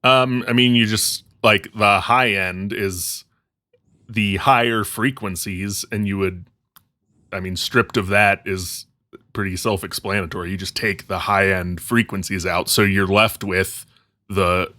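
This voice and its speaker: Man co-host, lowish bright voice, halting and unsure, dry close mic. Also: fairly even intonation, no room sound. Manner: hesitant, fumbling for words when put on the spot. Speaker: podcast co-host. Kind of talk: casual podcast chat.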